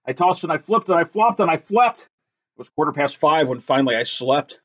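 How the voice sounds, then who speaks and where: A man reading a rhyming picture book aloud in a lively, sing-song, rhythmic way. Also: a little high, normal speed. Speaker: reader. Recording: dull lo-fi recording.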